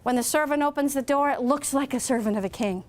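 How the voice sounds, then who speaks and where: A woman guest speaker telling a parable as an animated storyteller. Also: sits high, quick pace. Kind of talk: storytelling speech.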